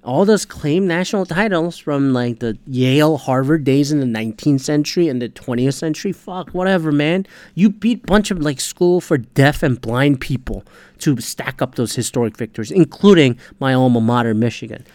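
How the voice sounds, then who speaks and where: A man's voice: on the high side, normal speed, a little mellow, clear, resonant tone, dry recording. A man hosting a podcast, ranting in a casual, heated, profanity-laced monologue. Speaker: podcast host.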